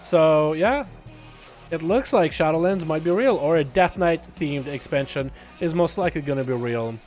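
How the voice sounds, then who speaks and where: A man's voice: on the high side, lively intonation, moderate pace, darkish tone. Young male streamer, casual commentary, laughs and swears easily, faint music underneath. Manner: laid-back, laughs often, swears casually. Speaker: gaming streamer. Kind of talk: casual gaming livestream commentary.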